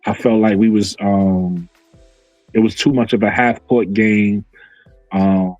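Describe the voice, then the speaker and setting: A man's voice: on the low side, fairly even intonation, takes it slowly, darkish tone, dry recording, highs cut off, faint music behind. A man doing casual livestream commentary on women's basketball, arguing his point with viewers and answering chat comments, repeating himself as he goes.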